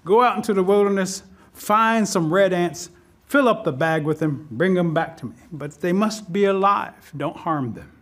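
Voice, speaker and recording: A man voicing a calm, all-powerful creator spirit in a spoken folk tale, slow and solemn. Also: sits high.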